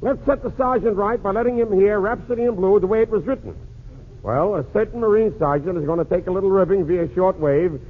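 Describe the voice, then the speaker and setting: A man doing a one-sided comic phone call in a 1940s radio comedy monologue, patter quick and full of jokes. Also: high voice. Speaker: comedian and emcee. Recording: tinny lo-fi 1940s radio transcription with faint hiss.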